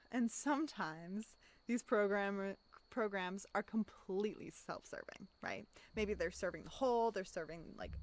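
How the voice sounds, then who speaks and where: A woman talks as a life coach in a casual, reflective self-help monologue, often checking in with "right?" and pausing for audible deep breaths. She acts out inner voices in quotes.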